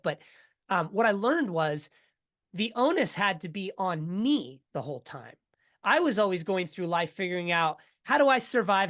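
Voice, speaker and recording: A middle-aged man, a podcast guest, telling his story in a casual, energetic way and acting out what others said. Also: high voice. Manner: energetic, animated storyteller who acts out quotes.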